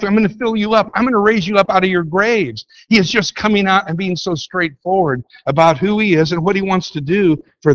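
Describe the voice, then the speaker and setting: A man preaching a sermon, reading scripture slowly and explaining it earnestly. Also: high-pitched. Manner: earnest, emphatic, slows down to read scripture. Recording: dull lo-fi sound.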